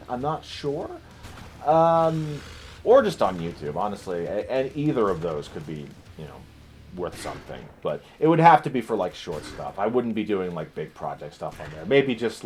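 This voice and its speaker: Rambling low-voiced man vlogging unscripted. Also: a little hiss or hum. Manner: rambling and self-deprecating, laughs and swears often. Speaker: video creator. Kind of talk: unscripted casual vlog.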